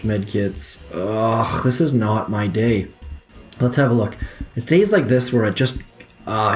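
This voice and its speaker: A young man giving casual gameplay commentary from home, muttering frustrated, self-deprecating remarks as he plays. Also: lowish voice. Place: home room.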